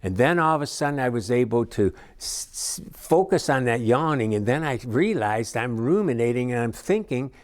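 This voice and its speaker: A man's voice: mid-range voice, animated, normal speed, few pauses. A middle-aged man teaching a recovery class in a conversational, folksy way, with frequent asides and fillers. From Chicago area. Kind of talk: recorded class lecture.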